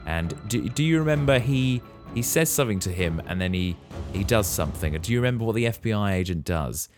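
A man hosting a podcast, retelling a movie plot in a relaxed way and quizzing his co-host. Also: lowish voice, a little fast, soft background music. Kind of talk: casual movie recap.

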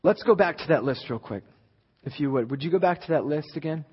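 Male guest preacher, sermon, husky voice, conversational then emphatic, echoey hall, muffled sound. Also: on the high side, animated, a little fast. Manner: conversational, builds to loud emphatic peaks.

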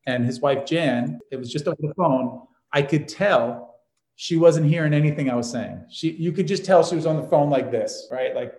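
Male host from New York, mid-pitched, lively storyteller who acts out dialogue; roomy echo on the mic. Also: moderate pace. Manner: animated storyteller, acts out quoted voices. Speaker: podcast host, doctor. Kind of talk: storytelling in casual conversation.

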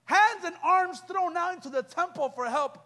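A young adult man delivers a youth sermon in a strikingly high voice. He is fervent and urgent, constantly turning to the crowd with rhetorical questions. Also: normal speed, sharp tone. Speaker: youth preacher. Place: church youth event.

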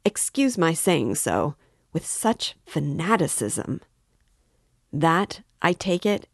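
A woman's voice: fairly low pitch, darkish tone, no room sound, studio quality, voice pushed up, exaggerated voice. A woman reading aloud, voicing an agitated young male student in an emphatic, raised voice.

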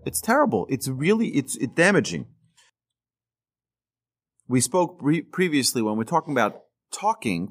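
A man speaking as a rabbi, giving a teaching talk in an emphatic style, repeating and restarting phrases and pushing his voice up on key words. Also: medium pitch. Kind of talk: teaching talk on speech and ethics.

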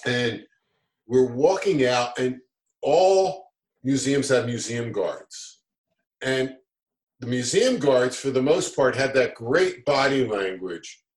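A middle-aged man talks in an upbeat, motivational tone, pausing on fillers and restarting phrases as he works through a point. His voice sits in a middle pitch and carries a noticeable roomy echo. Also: expressive. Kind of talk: motivational conversation.

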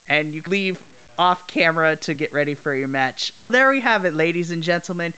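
A man's voice: sits high, bright, forceful tone, clear, resonant tone. Casual man narrating a role-play game. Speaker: game master. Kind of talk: narrating a wrestling tabletop game.

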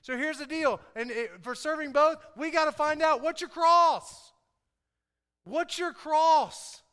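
High, bright-voiced male preacher. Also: slow pace. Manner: lively, joking, calls for audience response. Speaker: pastor. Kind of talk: sermon. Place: church hall. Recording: echoey hall.

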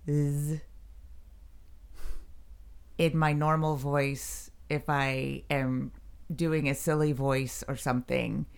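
A woman's voice: deep voice, a little mellow. A woman co-hosting a casual, unscripted podcast, chatty and self-conscious, laughing often. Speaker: podcast co-host. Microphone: podcast mic with headphones, home setup.

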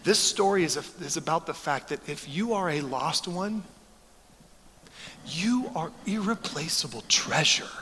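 A man in his forties preaching a sermon, telling stories in an animated, joking way. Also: high-pitched, in a large hall, a little hiss or hum. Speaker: pastor.

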